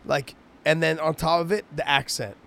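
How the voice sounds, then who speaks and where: A man chatting as co-host, circling back on his points with frequent restarts and casual swearing. His voice is a bit high for a man. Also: steady tone, normal speed, creaky, bright, forceful tone. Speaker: co-host, fighter. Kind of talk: casual chat.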